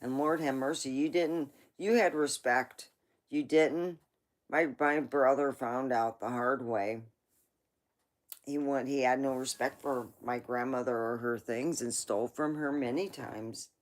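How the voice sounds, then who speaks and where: A woman's voice: very deep voice, fairly even intonation, measured pace. A woman hosting a livestream, telling rambling family stories in a chatty way with asides. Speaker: livestream host. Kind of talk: casual storytelling.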